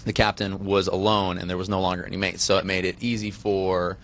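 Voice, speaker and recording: Rambling low-voiced man on a show. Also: flat delivery, a little fast. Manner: rambling, restarts with many ums. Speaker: reality TV contestant guest. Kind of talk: casual interview chat.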